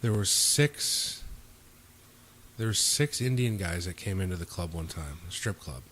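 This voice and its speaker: A man hosting a podcast, telling stories in a relaxed way, swearing and acting out quotes. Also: sits low, a little slow, husky. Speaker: podcast host. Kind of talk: casual storytelling. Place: indoors, home.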